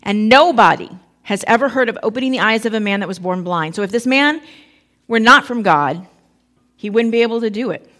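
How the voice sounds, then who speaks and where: A woman's voice: fairly high pitch, fast. A woman preaching a sermon in a conversational storytelling way, acting out the voices of the people in the story.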